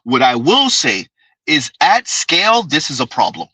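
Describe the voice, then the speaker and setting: A man's voice: a little high, huge pitch swings, a little slow, pushed and bright, breathy edge, dry recording, low-quality recording. A man hosting his own channel, giving casual, emphatic commentary on clips and viewer messages and repeating his key points.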